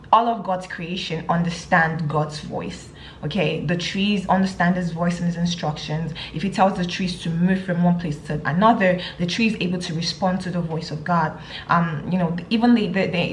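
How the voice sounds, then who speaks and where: A woman's voice: on the low side, echoey room, a little hiss or hum. A woman reading scripture aloud and then teaching on it, talking hesitantly with many fillers and restarts. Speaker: Bible teacher.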